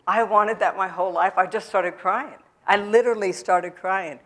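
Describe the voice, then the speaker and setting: A woman speaking in a church, telling her own story to the audience in a halting way, with many pauses and fillers. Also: mid-range voice, steady tone, a bit bright. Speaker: guest speaker at a recovery event. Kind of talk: personal testimony to a church audience. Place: church sanctuary.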